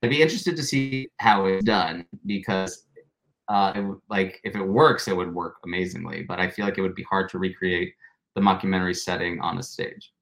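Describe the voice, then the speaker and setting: Chatty young male actor guest, low-pitched, laughing and restarting often. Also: fairly even intonation, fairly quick, vocal fry, a bit bright. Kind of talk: casual interview chat.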